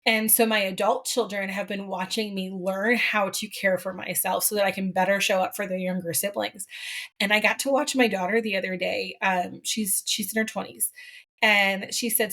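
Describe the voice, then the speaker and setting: A woman's voice: medium pitch, steady tone, normal speed, creaky, a bit bright. Middle-aged woman, podcast co-host, casual and candid, rambling asides. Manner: candid storyteller, chatty with many asides. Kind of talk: casual conversation.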